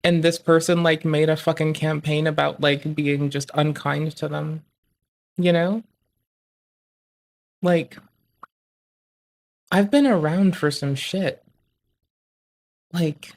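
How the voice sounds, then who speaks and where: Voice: medium pitch, darkish tone. A streamer reacting to a clip live, rambling and swearing with many fillers. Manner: rambling, profane, lots of fillers.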